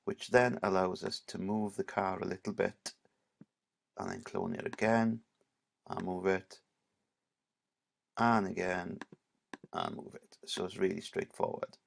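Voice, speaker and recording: A male teacher, giving a casual screen-recorded software tutorial and leaning on "right" and "obviously". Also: sits low, vocal fry.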